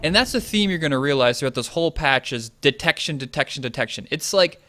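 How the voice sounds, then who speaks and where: A man talks through game changes in a loose, chatty way, pausing with fillers as he thinks aloud. His voice is bright and forward. The sound is dry and close, with no room around it. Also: on the high side, expressive, dry recording. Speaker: gaming video host. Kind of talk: casual game commentary.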